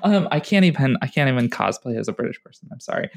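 A woman co-hosting a casual political podcast, animated and exasperated, laughing and restarting her sentences. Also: a bass voice, quick pace, vocal fry. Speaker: podcast co-host.

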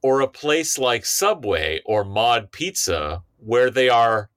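A man's voice: mid-range voice, expressive, slow pace, a bit bright, clean tone, no echo. A man co-hosting a casual comedy podcast, sarcastic and full of swearing, with mock-outraged emphasis. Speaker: podcast co-host.

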